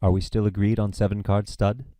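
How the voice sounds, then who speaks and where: An actor reading a smooth, menacing devil in a screenplay reading, polite and measured. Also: male voice, lowish voice, flat delivery, dark tone, no room sound, lightly acted. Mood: cool. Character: smooth menacing male devil, courteous and cold. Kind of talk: table read of a screenplay.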